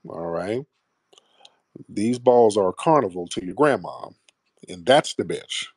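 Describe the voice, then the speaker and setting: A man's voice: lowish voice, animated, unhurried, husky, no echo, studio quality. A man hosting a call-in show, sarcastic and combative, trading insults with callers and calling them sir.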